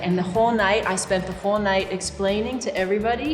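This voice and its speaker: A woman's voice: medium pitch, very fast, few pauses. A woman actress in a casual interview, telling stories animatedly and laughing often. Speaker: film actress guest. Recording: roomy hall reverb, faint music.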